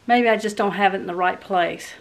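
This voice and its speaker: A woman's voice: mid-range voice, a little fast, vocal fry. A woman chatting casually on her home vlog in a folksy, rambling way. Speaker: vlogger. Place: rural home and yard.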